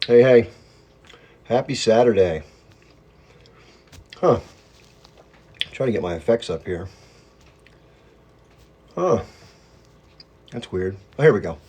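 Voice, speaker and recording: Low-voiced man chatting on a phone livestream. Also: lively intonation, takes it slowly, long pauses, darkish tone, husky. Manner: chatty, rambling, reads and greets viewer comments; self-described hyped-up talker. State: chewing while talking. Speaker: livestream host. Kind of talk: casual livestream chat.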